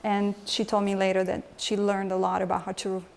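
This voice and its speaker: A woman's voice: medium pitch, monotone, a little fast, vocal fry. A woman emotional health coach giving a lecture to a live group, engaging the audience with frequent questions.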